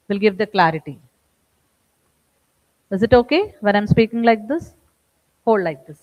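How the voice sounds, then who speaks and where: A woman's voice: mid-range voice, expressive, moderate pace, long pauses, darkish tone, low-quality recording. A woman teacher with an Indian English accent giving direct classroom instructions.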